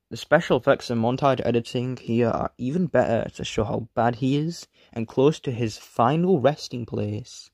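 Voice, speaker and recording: Guy with a sore throat reading his review script kinda flat, keeps tripping and restarting, dry close sound. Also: medium pitch, dry recording. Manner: reads flatly from a script, often trails off and restarts. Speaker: video reviewer.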